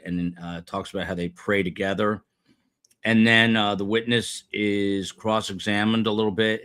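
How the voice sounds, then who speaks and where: A male host gives a live trial recap in a conversational way and raises pointed questions as he goes. His voice sits a little low. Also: fairly bright tone.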